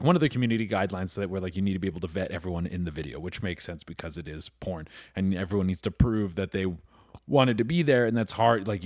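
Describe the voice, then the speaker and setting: A man's voice: on the low side, no echo. A man hosting a comedy podcast, rambling through a profane, casual monologue full of restarts and fillers.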